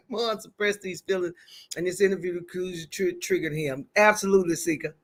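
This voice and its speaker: A woman's voice: medium pitch, fairly even intonation, moderate pace. Chatty woman hosting a livestream. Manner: chatty, greets viewers by name. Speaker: livestream host. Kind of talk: casual commentary.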